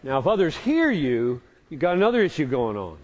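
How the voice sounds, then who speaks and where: A man's voice: on the high side, sing-song, fairly quick, in a large hall, lo-fi sound, a little hiss or hum. A man answering audience questions as a pastor, speaking emphatically and repeating key words for force. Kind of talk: live Q&A teaching.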